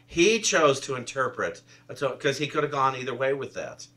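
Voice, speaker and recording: Animated male minister, lively laughing delivery. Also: medium pitch, normal speed, far from the mic. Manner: animated storytelling, laughs often. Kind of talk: conversational sermon. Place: church sanctuary.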